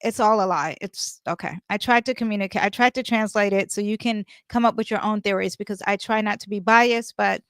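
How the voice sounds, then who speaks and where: A woman giving a casual astrology and tarot reading, chatty and animated, with many fillers and asides. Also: medium pitch, fairly quick, hardly any pauses, clean tone, dry recording, studio quality.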